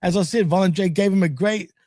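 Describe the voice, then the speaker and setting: A man's voice: high-pitched, fast talker, darkish tone, dry recording, studio quality. A man co-hosting a podcast, chatting casually through a wrestling recap, rambling and laughing often. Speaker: podcast co-host.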